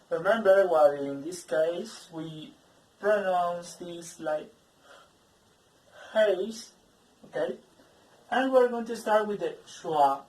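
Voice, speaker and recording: Brief: Spanish-speaking Colombian woman as pronunciation teacher, very slow and measured, slightly low voice, recorded far from the mic in an echoey room. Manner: drills word lists, stressing each example word. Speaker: English phonetics teacher. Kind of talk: pronunciation lesson.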